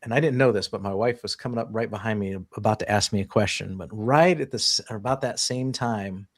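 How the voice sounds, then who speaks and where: Deep-voiced man telling a casual story. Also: a little fast, dry recording, studio quality. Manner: animated, laughs while telling stories, many restarts.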